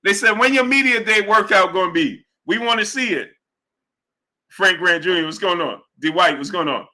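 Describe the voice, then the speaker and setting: Laughing, slangy sports show host, bright voice. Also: male voice, high voice, moderate pace. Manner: animated, laughs a lot, slangy, repeats himself. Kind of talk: casual livestream chat.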